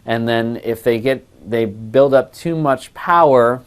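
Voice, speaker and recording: A man's voice: mid-range voice, takes it slowly, few pauses, a little hiss or hum. A male voice class instructor giving a recorded lecture on a lapel mic, explaining patiently and step by step.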